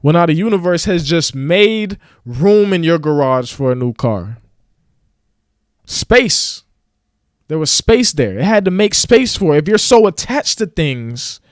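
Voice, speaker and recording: Casting: preachy male vlogger, slangy street talk, slightly high voice, close and dry. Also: no room sound. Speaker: motivational vlogger. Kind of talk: casual motivational rant.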